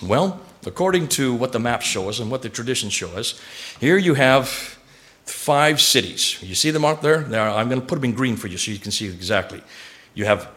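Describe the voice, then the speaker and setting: A man lecturing a live audience, animated and quizzing listeners with rhetorical questions. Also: mid-range voice.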